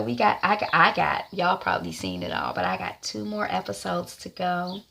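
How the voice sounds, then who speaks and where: A woman's voice: fairly low pitch, sing-song, moderate pace, gravelly, hardly any pauses, fairly bright tone. A woman giving a casual TV episode recap, retelling scenes loosely with lots of ums and "is like.". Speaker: TV recap vlogger.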